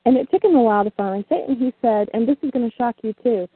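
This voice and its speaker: Woman, husky gravelly voice, frank and bawdy; tinny phone sound. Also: a little high, very fast, dry recording. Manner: frank, bawdy storytelling with frequent laughter. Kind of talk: casual chat. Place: small southern town. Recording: tinny phone line, dry.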